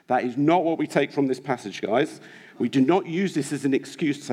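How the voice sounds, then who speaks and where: A man's voice: medium pitch, lively intonation, brisk, dark tone. A man preaching a sermon in church, earnest and exhorting, with many rhetorical questions. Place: church hall.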